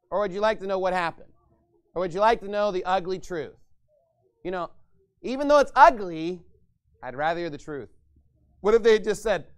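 A man's voice: sits high, big pitch swings, brisk, long pauses. A man preaching a sermon as pastor, ranting and mocking others in put-on voices.

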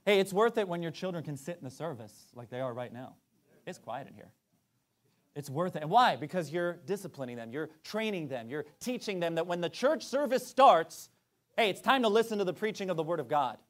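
A pastor preaching an impassioned sermon to his congregation during a church service, swinging between shouted outbursts and hushed, low-voiced lines. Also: expressive, fairly quick. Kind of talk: fiery sermon.

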